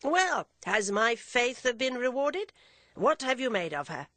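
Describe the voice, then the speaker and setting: A woman voicing an urbane middle-aged gentleman with a dry, teasing wit. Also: on the high side, very animated, measured pace, dry recording, pitched above the performer's own voice. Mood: ironic.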